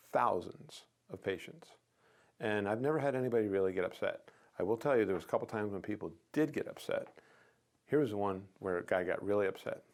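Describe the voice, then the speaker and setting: A man's voice: lowish voice, darkish tone. A middle-aged man giving casual coaching on sales, telling stories and acting out quoted lines with animation. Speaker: chiropractic sales consultant.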